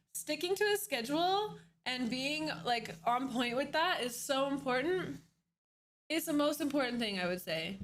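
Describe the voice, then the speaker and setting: A woman's voice: high voice, a bit bright, slight background noise. A young woman streaming live from home, chatting casually with viewers, greeting them and laughing often.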